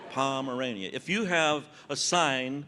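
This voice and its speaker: A man's voice: medium pitch, unhurried, pushed and bright. A man in his seventies performing stand-up comedy on a conference stage, bantering and teasing the audience. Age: 70s. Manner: conversational, teasing audience members. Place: large conference hall stage.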